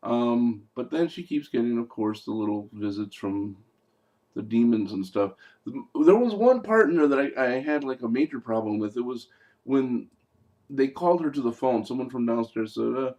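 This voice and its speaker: A man's voice: mid-range voice, expressive, moderate pace, warm tone, muffled recording. Rambling man reviewing a movie. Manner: rambling and digressive, with many fillers and jokes. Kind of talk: casual film review vlog.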